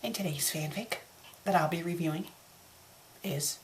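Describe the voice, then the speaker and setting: A woman playing an unhinged young fanfic critic who swings between screamed murder threats and whispered attempts to calm herself, in a comedic web video rant. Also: fairly low pitch, normal speed, a little hiss or hum, natural voice. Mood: sheepish.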